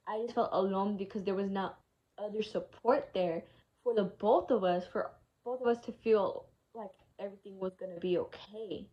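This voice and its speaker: A woman's voice: mid-range voice, moderate pace, highs cut off. A young woman telling a personal story in a casual vlog, frank and frustrated, swearing freely as she recounts it. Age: young adult. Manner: candid, emotional retelling with frequent swearing; frustrated, exasperated tone. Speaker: vlogger.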